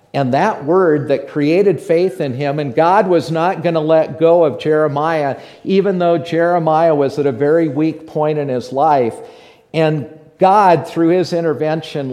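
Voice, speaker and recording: A man's voice: fairly high pitch, dark tone. Fervent man preaching a sermon. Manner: earnest, swells to fervent emphasis. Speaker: pastor.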